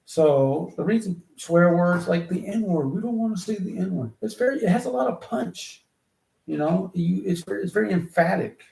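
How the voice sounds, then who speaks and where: A man, a rapper, thinking aloud to himself in halting bursts while writing song lyrics. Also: high voice, animated, gravelly, darkish tone. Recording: roomy echo, faint background noise.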